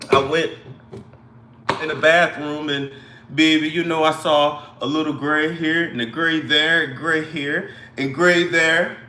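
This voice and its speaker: A man playing a ditzy woman who glued her hair, rambling with drawn-out "baby" and "you know", coughing between lines. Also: on the high side, sharp tone. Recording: echoey room.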